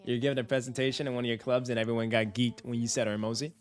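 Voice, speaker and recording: Speaking at medium pitch and very fast, this young man hosts a finance livestream. He keeps it casual and lively, addressing viewers in chat and breaking into frequent laughter.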